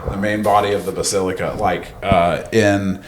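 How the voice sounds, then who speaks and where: A man co-hosting a history podcast in casual comedic chat, with jokey, animated asides. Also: low-pitched, moderate pace, a little hiss or hum. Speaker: podcast co-host.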